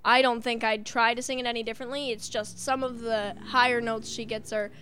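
A woman's voice: fairly high pitch, little pitch movement, fairly quick, fairly bright tone, slight background noise. A woman singer chatting playfully, giggling often and breaking into bits of song. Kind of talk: casual chat.

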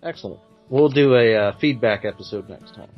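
A man co-hosting a podcast in casual chat, easygoing and measured, often hedging his opinions. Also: mid-range voice, faint music behind. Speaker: podcast co-host. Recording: dull lo-fi sound.

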